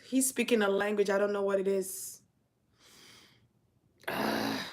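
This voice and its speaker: Woman, spiritual reader, channeling, slow, halting, emotional, searching for words. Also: mid-range voice, wildly swooping pitch, gravelly.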